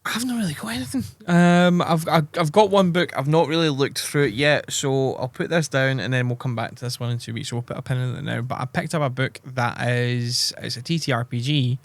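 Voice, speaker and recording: A man's voice: mid-range voice, fairly even intonation, brisk, few pauses, no room sound. A man co-hosting a gaming podcast, talking in a laid-back, slightly hesitant way. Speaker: podcast co-host. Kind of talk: casual podcast chat.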